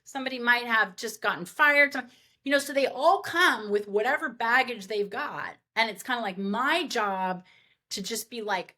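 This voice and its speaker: A woman event planner telling party stories as a podcast guest, animated and rambling with lots of fillers. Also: fairly high pitch, moderate pace. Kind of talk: podcast interview storytelling.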